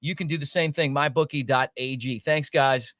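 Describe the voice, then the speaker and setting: A man hosting a sports talk show, emphatic and lively as he talks. His voice sits a little high. The sound is dry and close. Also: moderate pace, no room sound. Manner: animated, emphatic.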